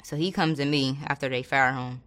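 A woman with a notably low, deep voice speaks in a relaxed, colloquial way. She tells a story from her work as a corrections officer and slips into the voices of the people she quotes. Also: fairly quick. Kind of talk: casual storytelling in an interview.

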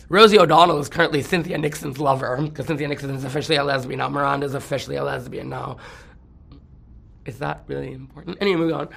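A man's voice: fairly high pitch, fast talker, vocal fry, fairly bright tone, a little hiss or hum. A man in casual celebrity gossip chat, campy and rambling, laughing often and breaking into song.

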